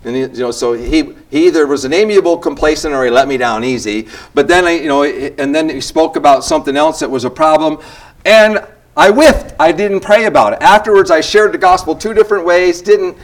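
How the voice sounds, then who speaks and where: Older man, rambling church talk. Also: fairly high pitch. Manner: rambling, with many restarts and self-deprecating asides. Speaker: church leader leading a small-group session. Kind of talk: casual teaching talk to a church group.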